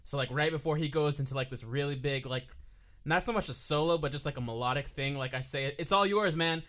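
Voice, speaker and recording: A man's voice: mid-range voice, fairly even intonation, fast talker, a bit bright. Rambling male podcast co-host. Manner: rambling, heavy use of "like". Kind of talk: casual chat.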